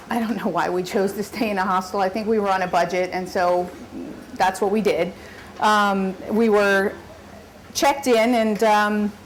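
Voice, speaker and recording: Animated woman telling a story live. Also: medium pitch, slight background noise, rough recording. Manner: animated, laughs often, acts out screams. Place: story slam stage before an audience.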